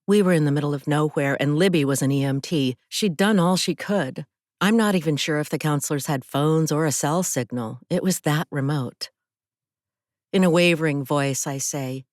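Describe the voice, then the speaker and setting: A woman author reads her own thriller audiobook in the first person, telling it with feeling. Her voice sits low. The recording is dry and close, with no room sound. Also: moderate pace, a little mellow, no room sound. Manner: emotional first-person storytelling. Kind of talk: audiobook narration.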